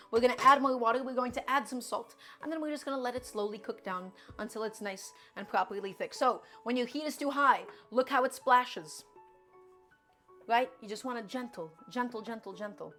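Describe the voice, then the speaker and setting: A woman's voice: on the high side, fairly bright tone. A woman streaming from her home kitchen, chatting and coaching viewers through each cooking step. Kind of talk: live-stream cooking chat.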